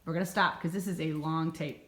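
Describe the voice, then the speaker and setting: A middle-aged woman, a mother, casually asking questions and gently coaxing answers, laughing often. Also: low-pitched, fairly even intonation, fairly quick, crowd noise. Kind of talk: casual home-video Q&A. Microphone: phone camera. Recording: roomy phone recording in a room.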